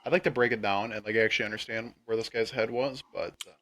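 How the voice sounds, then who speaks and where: A man, co-hosting a podcast, reacting with disbelief and thinking out loud. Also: lowish voice, fairly even intonation, fast talker. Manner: incredulous, reacting and musing aloud. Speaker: podcast co-host. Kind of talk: casual chat.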